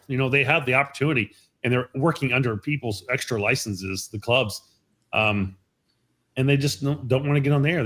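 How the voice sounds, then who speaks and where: A man's voice: medium pitch, a bit bright. A middle-aged man chatting casually on a live stream about an amateur radio event, with many fillers and restarts. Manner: halting, many fillers and repeated words.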